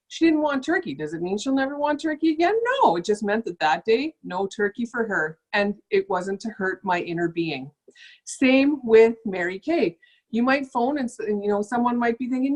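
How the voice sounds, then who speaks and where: Middle-aged woman trainer, casual and upbeat, sick, jumps into playful higher voices for customers. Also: expressive, normal speed, a little mellow. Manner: chatty, acts out customer voices with big pitch jumps. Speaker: sales trainer. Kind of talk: casual motivational talk.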